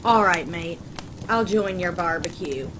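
A woman's voice: fairly low pitch, lively intonation, unhurried, pitched below the performer's own voice. A woman voicing a blunt, bewildered young man with a crude way of talking, over noisy background ambience. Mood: laid-back.

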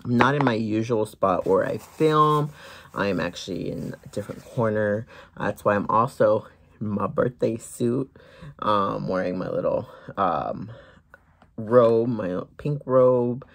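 A gloss-brand owner talks slowly through a product showcase from a corner at home. The voice has a gravelly, fry-laden edge and a mid pitch, with frequent ums and easy asides.

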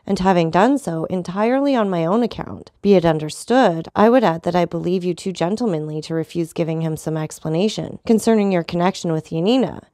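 A woman's voice: on the low side, brisk, hardly any pauses, dark tone, dry recording, clean studio sound, close to an everyday voice. Woman voicing an earnest young journalist. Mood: earnest, formal. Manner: formal, earnest, haughty at times.

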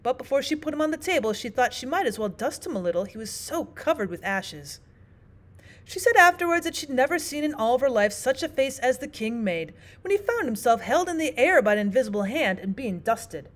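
A woman teacher reading a classic children's book aloud with expressive storytelling. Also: sits high, fairly quick. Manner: expressive, sing-song storytelling. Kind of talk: audiobook narration.

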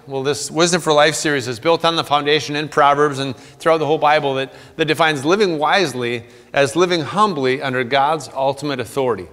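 Male pastor, earnest sermon delivery, slightly high voice, church-hall reverb. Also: fairly bright tone. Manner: earnest preaching, reading scripture aloud, playful asides. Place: church sanctuary.

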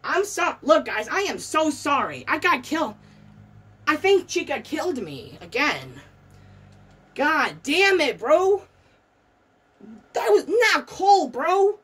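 A woman's voice: high voice, big pitch swings, slow, pushed and bright, recorded from a distance. A woman giving frantic, swear-filled gameplay commentary, repeating "bro" constantly. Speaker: gamer.

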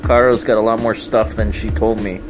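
A man's voice: fairly low pitch, little pitch movement, fairly quick. A middle-aged man filming a move, joking and teasing in casual banter with frequent laughs. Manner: playful, joking, laughs often. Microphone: handheld camera. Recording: music playing over the talk.

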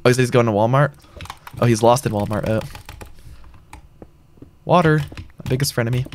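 A man's voice: mid-range voice, moderate pace, a little hiss or hum. A young man live-streaming a game, chatting casually and answering viewers' messages as he plays. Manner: casual, reads chat aloud and answers it. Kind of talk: live gaming stream chat.

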